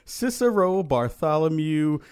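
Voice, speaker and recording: A man's voice: fairly high pitch, expressive, unhurried, darkish tone, clear, resonant tone. Playful male podcast host. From Chicago. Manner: playful, sing-song intros. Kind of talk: casual chat.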